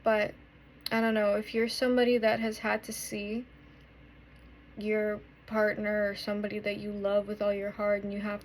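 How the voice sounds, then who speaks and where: A woman in her twenties talking through a painful breakup in a confessional vlog, halting and swearing often, with many restarts. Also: medium pitch, monotone, slight background noise. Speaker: vlogger.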